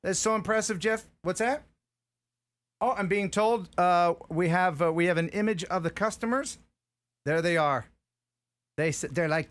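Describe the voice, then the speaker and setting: A man's voice: high voice, normal speed, pauses often, a bit bright. A man hosting a casual livestream, making sarcastic, joking asides about the news. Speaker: host.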